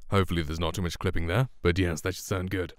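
A man around twenty, a streamer and voice actor, reviewing a microphone in a relaxed, rambling, soft-spoken way, close to a studio condenser mic. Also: low voice, quick pace, no echo. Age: 20s.

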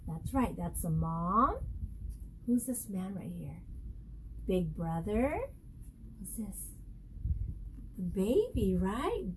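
A woman teacher reads a picture book to small children at a slow, careful pace, her voice sitting a little high. She keeps pausing to ask them questions in an animated, coaxing way. A faint hiss of background noise sits under her voice. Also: poor audio.

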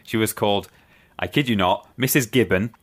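A young man with a fairly low voice settles into a long, easygoing anecdote on a podcast. He slips into the voices of the people he quotes, then drops back into plain, unhurried chat. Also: slightly rough. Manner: relaxed anecdotal storytelling with acted-out quotes. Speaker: podcast co-host. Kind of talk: casual chat, storytelling.

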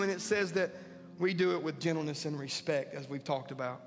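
Church hall reverb and faint music fill this recording of a pastor in a sanctuary, delivering an earnest sermon that rises to emphatic peaks. He talks a little fast, and his high-sitting voice has a fairly bright tone.

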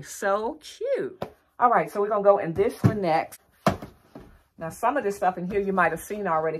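A woman talks to her viewers in a chatty, easygoing way, calling them y'all. Her voice sits a little low, and she gushes freely. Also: slight background noise. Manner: chatty, addresses viewers as y'all, gushing exclamations. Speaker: lifestyle vlogger. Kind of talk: casual haul video chat.

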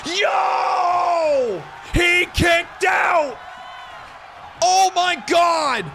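A man hosting a live stream, calling a simulated wrestling match play-by-play from his desk in an excitable, shouting manner. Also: very high voice, drawn-out words, gravelly, a crowd in the background, background noise. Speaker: streamer and host of the series.

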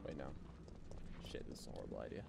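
A man streaming a video game, cracking jokes and swearing through casual commentary on a desk mic. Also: heavy background noise. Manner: rapid, profane, joking.

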